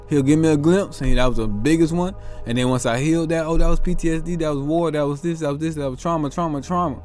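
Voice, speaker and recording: A man's voice: medium pitch, a little mellow. A man hosting a reflective motivational monologue, earnest and self-questioning, drawing out his words as he muses. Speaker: host.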